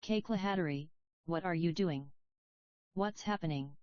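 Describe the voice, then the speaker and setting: A woman's voice: on the low side, measured pace, dry recording, lightly acted. A woman voicing a terrified young girl who speaks in broken, sobbing fragments. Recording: dry, slightly dull audio.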